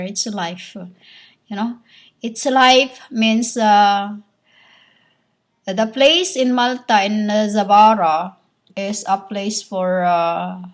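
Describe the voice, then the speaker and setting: A woman giving a rambling spiritual monologue as a self-styled prophetess, halting, full of pauses and repeated phrases, in an insistent, lecturing tone. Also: medium pitch.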